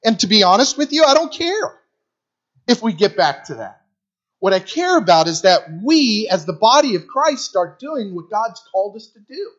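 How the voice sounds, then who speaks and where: A man's voice: high voice, big pitch swings, moderate pace, fairly bright tone, highs cut off. A middle-aged man preaching a sermon in a conversational, storytelling way, repeating phrases for emphasis. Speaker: guest preacher for a youth ministry.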